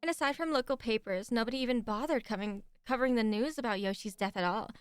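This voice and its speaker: A woman's voice: fairly high pitch, fast, smooth, no room sound, close to an everyday voice. A woman voicing a bossy teenage girl class rep with an occult streak, reading game dialogue aloud in a put-on Valley Girl voice. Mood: earnest.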